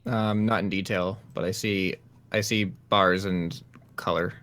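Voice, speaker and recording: A man's voice: low-pitched, steady tone, a little slow, fairly bright tone. A man in a casual chat, making dry jokes and laughing at his own quips.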